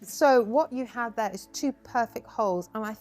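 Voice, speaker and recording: A woman's voice: fairly high pitch, moderate pace, a little mellow. A woman hosting a hands-on crafting workshop, chatty and encouraging, praising her guests often as she explains each step. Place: indoor crafting table.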